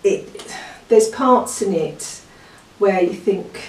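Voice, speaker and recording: A woman born in Yorkshire, England, chats casually as a book reviewer, rambling with lots of ums and small laughs. Her mid-range voice is a little mellow and she takes it slowly. She sounds far from the mic in an echoey room with faint noise.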